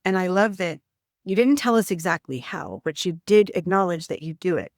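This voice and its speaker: In a clean studio recording with no echo, a woman hosts a podcast interview. Her lowish voice is expressive and moves at a moderate pace. She speaks earnestly and sometimes turns to talk straight to her audience.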